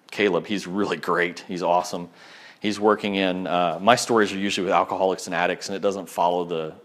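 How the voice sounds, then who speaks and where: A man with a somewhat low voice tells a story from the pulpit. He is lively and animated, and he slips into the voices of the people in the story. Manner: animated storyteller who acts out quoted people. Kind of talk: sermon storytelling.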